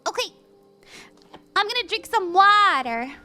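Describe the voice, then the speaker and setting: Young woman, high voice, tarot reader, gentle reassuring tone, faint music behind. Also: very animated, unhurried. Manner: gentle, reassuring, laughs easily. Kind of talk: live-stream tarot reading.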